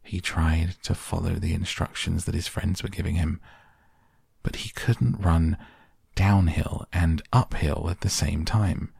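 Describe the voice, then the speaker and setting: A man reading a children's book aloud in calm audiobook narration for sleep, slow, soft and even. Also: low voice, gravelly, slightly rough, dry recording, clean studio sound. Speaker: podcast reader.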